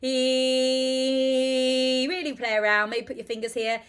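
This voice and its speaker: A woman hosting a live online vocal warm-up class, chatting, asking for requests and guiding the group through exercises. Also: on the high side, fast talker. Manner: friendly, chatty, invites requests, guides exercises. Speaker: host and vocal coach.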